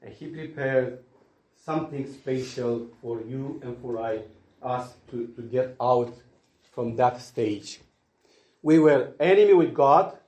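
A man preaching a sermon earnestly, swinging between loud emphasis and hushed asides. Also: mid-range voice, slow pace. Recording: echoey room.

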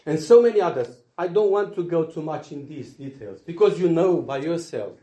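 An earnest man delivers a sermon, his voice sitting a little high. He swings between loud, emphatic lines and soft, hushed asides. The sound carries the echo of a roomy space. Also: lively intonation, normal speed. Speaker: preacher. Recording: echoey room.

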